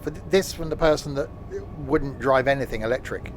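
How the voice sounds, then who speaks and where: A man's voice: medium pitch, brisk, background noise. A man streaming a train simulator, rambling and self-mocking, with many fillers. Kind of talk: live gameplay commentary.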